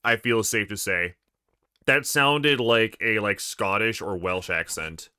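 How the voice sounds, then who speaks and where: Man, game streamer, casual commentary, hesitant musing, bright tone. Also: fairly low pitch, slow, clear, resonant tone, no echo. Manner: musing, thinking aloud, hesitant.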